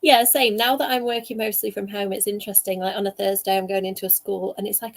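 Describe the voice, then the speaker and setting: A woman author chatting over a video call, animated and laughing as she tells stories. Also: medium pitch, fairly quick, gravelly, hardly any pauses. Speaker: guest author. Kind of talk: casual video chat.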